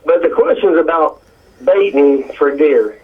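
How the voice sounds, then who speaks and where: A man's voice: fairly high pitch, expressive, unhurried, breathy edge. A man from Indiana calling in to a radio show, polite and plain-spoken. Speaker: caller. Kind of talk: phone call to a radio show. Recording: tinny phone line.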